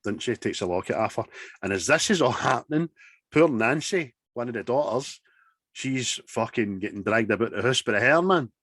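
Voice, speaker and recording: A man, casually recapping a horror film in sweary, animated chat. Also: medium pitch, normal speed, husky, dry recording.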